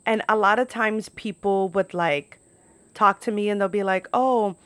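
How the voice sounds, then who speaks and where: A woman's voice: medium pitch, fairly even intonation, moderate pace, a bit bright, no room sound. A young woman from New York telling stories in a casual podcast monologue, chatty and profane, full of "like". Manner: chatty, lots of "like", profane asides. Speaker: podcast host.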